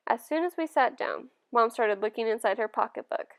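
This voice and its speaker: Gravelly woman reading a novel aloud. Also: fairly high pitch, a little fast. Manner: gentle, steady storytelling. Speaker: audiobook reader. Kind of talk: first-person novel reading.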